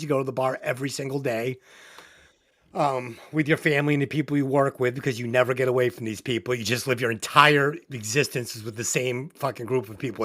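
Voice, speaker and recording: A woman co-hosting a comedy movie review podcast, ranting bluntly and swearing constantly in casual chat. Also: sits low. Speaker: podcast co-host.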